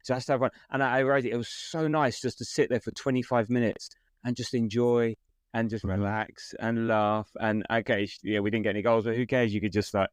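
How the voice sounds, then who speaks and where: A man's voice: mid-range voice, fairly even intonation, fairly quick, clean tone, no room sound, studio quality. A middle-aged man co-hosting a casual fan podcast, laughing often and restarting his sentences. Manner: warm, laughing, hesitant restarts. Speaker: podcast co-host.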